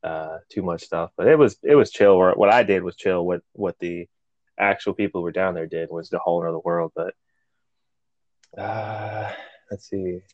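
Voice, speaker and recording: At a moderate pace, a low-pitched man co-hosting a podcast narrates a story casually and with energy, full of profanity and acted-out quotes. There's no room sound, and the high frequencies are cut off.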